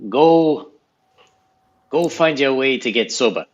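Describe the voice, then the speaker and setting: A man voicing a polite gentleman investigator who speaks in formal, courtly phrases. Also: medium pitch, animated, slow pace, muffled recording. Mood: courteous.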